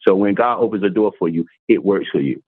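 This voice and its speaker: A man's voice: fairly low pitch, fast talker, breathy edge, no echo. A man preaching an informal, folksy sermon, telling stories with many restarts and repeats. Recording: tinny phone-like line.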